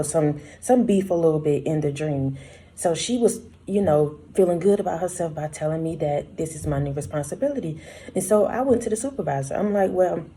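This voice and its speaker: A woman's voice: deep voice, warm tone, a little hiss or hum. Woman sharing a casual devotional word. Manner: conversational, addresses listeners as y'all and baby. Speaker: prophetic word speaker.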